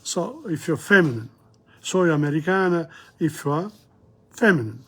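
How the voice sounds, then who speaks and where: A man's voice: fairly high pitch, expressive, normal speed, a bit bright, slightly rough. A man teaching a casual video language lesson, rambling a little and repeating each phrase aloud for practice.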